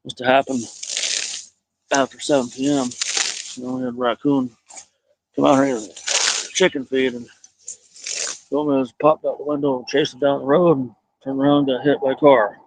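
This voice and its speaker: A man live-streaming outdoors from his farmyard on a phone, rambling to viewers and talking softly to his goats. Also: mid-range voice, level tone, moderate pace, pauses often, background noise. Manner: rambling, talks softly to animals. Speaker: livestreamer tending goats. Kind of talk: casual live-stream monologue.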